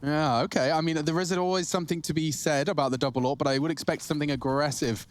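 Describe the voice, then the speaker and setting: A man's voice: fairly high pitch, steady tone, quick pace, slight background noise. A man giving playful, teasing color commentary on a competitive shooter match.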